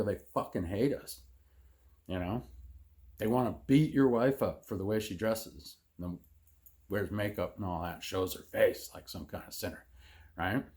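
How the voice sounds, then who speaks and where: A man's voice: lowish voice, darkish tone. A man delivering an angry, sarcastic, profanity-heavy rant as a vlogger. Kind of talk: profane political rant to camera.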